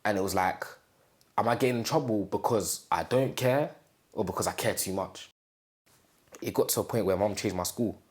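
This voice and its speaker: A young man from England in an interview, telling his own story in a casual, halting way and often acting out what his family said. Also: fairly low pitch, darkish tone. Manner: halting, repeats phrases, acts out quoted family speech.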